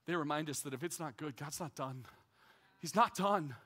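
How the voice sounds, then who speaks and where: High, bright-voiced male preacher. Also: moderate pace. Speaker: pastor. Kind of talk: sermon. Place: church.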